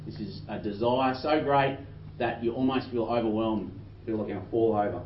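A man's voice: lowish voice, brisk. A man preaching a sermon, earnestly reading scripture with rising emphasis. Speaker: pastor. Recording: roomy distant dull recording with faint noise.

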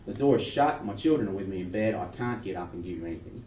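A man's voice: fairly low pitch, expressive. Male pastor, earnest sermon delivery, miked from afar in a roomy church. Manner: earnest, reads scripture slowly with rising emphasis. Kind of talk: sermon with scripture reading. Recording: roomy distant dull recording with faint noise.

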